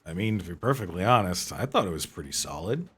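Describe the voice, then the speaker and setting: A male game master narrates the action with a bright, slightly husky voice. His pitch swings widely as he paints each scene vividly. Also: fast, faint music behind. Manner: lively narration with vivid descriptions.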